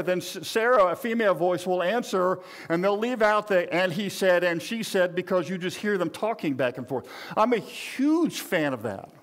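An older man preaching a sermon to his congregation, conversational and rambling, with frequent restarts and asides. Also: sits high. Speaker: pastor.

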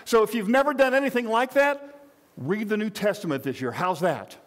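Older male pastor, high voice, rambling folksy sermon style. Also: moderate pace. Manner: conversational, rambling with frequent restarts and asides.

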